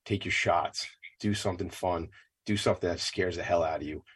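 Man, 40s, podcast host, pumped-up rambling pep talk, low husky voice. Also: brisk, a bit bright. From Long Island, New York. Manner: hyped, rambling, motivational. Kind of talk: casual monologue.

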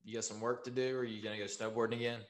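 A man's voice: medium pitch, flat delivery, racing, crowd noise. A man hosting a podcast from home, chatting casually, swearing freely and calling his guest "bro". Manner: laid-back, swears freely, says "bro" a lot. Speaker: podcast host. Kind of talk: casual chat.

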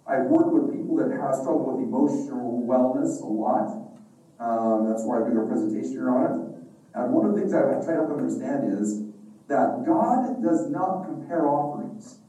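A man's voice: mid-range voice, moderate pace. A middle-aged man giving a devotional class talk, telling stories and acting out the dialogue. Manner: animated storytelling, acting out dialogues. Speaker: religious teacher. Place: large classroom. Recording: echoey room from far off.

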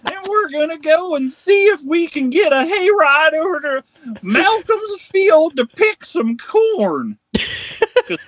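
A man voicing Mothman as a folksy male creature with a West Virginia accent, speaking in a high, slowed drawl. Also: sing-song, fairly bright tone, no room sound, heavily acted, rough recording.

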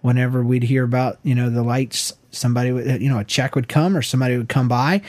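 A man's voice: medium pitch, steady tone, fast talker, a little mellow, no echo. A man in his thirties co-hosting a podcast, chatting casually and jokingly with his wife, rambling with many restarts. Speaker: podcast co-host.

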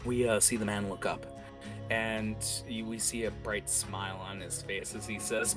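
A man's voice: lowish voice, level tone, moderate pace, fairly bright tone, faint music behind. A man narrating as game master in an improvised tabletop session, rambling with many fillers and restarts.

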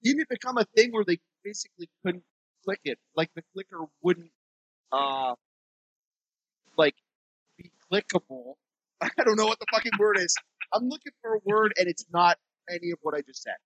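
A man's voice: high-pitched, lively intonation, moderate pace, a bit bright, no room sound, poor audio. A man co-hosting a podcast in a temporary studio, chatting casually, joking, laughing often and swearing freely. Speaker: podcast co-host. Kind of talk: casual chat.

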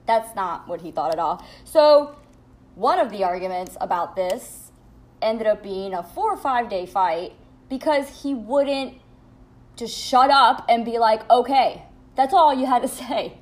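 A young woman with a voice pitched a little higher than most women's vents into her podcast mic at home. She tells the story in a casual, candid way, blunt and quick to swear. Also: lively intonation. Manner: blunt, profane, candid venting. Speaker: podcast host.

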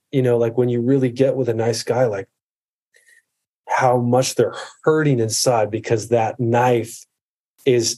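A man's voice: mid-range voice, dark tone. A man in his thirties, a podcast guest and medical provider, talking in an earnest, reflective way and often restarting his sentences. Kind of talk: casual conversation.

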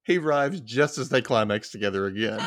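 A man with a lively, up-and-down voice hosting a casual podcast recap. He laughs easily, jokes with his co-host and throws questions to the audience. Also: mid-range voice, fairly quick.

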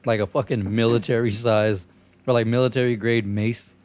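A man's voice: medium pitch, steady tone, moderate pace, darkish tone. A young man in loose, profane casual chat with friends, laughing often.

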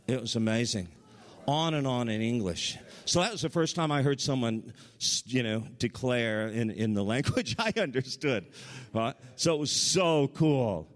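A man preaching a sermon, telling stories with excitement and his voice jumping up high at the big moments. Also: in a large hall. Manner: excited storytelling, voice rising high at highlights. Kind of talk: sermon testimony.

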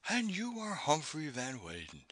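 A man's voice: high voice, huge pitch swings, a little slow, sharp tone, husky, no echo, voice pushed up, heavily acted. A man reading an audiobook, voicing a refined and earnest young female poet in a lilting, emphatic way. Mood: wondering.

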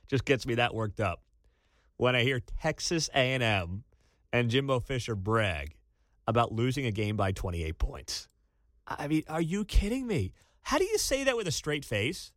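A man's voice: mid-range voice, moderate pace, dry recording, studio quality. Fired-up male sports radio host. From Kansas City area. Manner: animated, incredulous rants with sudden shouting. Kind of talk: sports talk radio monologue.

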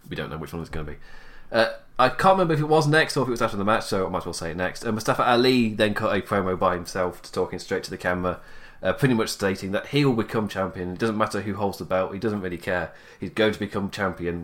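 A man's voice: deep voice, fast talker, a bit bright. A young man casually recapping a wrestling show, chatty and laughing often, acting out quotes in mock voices.

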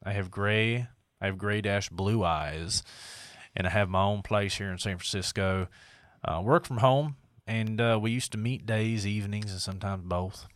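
Man puts on a lonely older-guy creep, slow lingering drawl, kept low and close on a dry mic. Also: no echo, lightly acted. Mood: creepy, drawling.

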